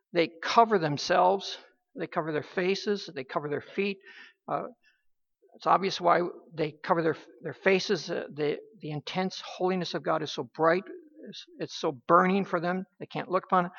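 A woman preaching a sermon in a halting, emphatic way, with many restarts. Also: on the low side, creaky. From United States. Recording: dull lo-fi recording.

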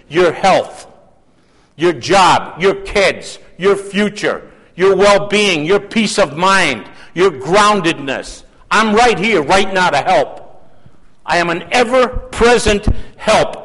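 A man preaching with a fairly high voice, rising to loud emphatic calls and dropping to hushed asides. His sermon rings through a large church with a long trailing reverb.

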